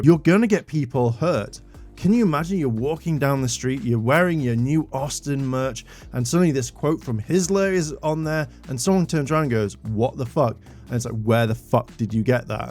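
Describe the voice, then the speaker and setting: In a mid-range, slightly mellow voice, a man delivers an indignant commentary rant to the viewers of his YouTube channel. His exasperation shows, and he lets the swearing fly when he gets heated.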